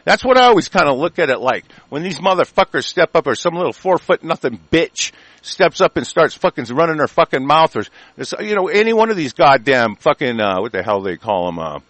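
Angry American male radio host, higher-pitched voice, dry close sound, swearing and stumbling over restarts. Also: very animated, fairly quick, few pauses, fairly bright tone, dry recording. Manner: angry, profane, stammering restarts. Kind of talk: ranting talk radio monologue.

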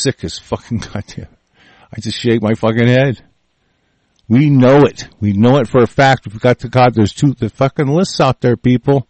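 A show host with a fairly low, darkish voice goes on an angry, crude rant about the news. He swears nonstop and keeps repeating and restarting his sentences. The recording is dry.

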